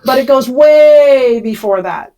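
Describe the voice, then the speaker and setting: A woman's voice: high-pitched, animated, takes it slowly, mellow. A middle-aged woman, a podcast guest, telling her life story in a vivid, emotional way. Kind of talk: storytelling interview.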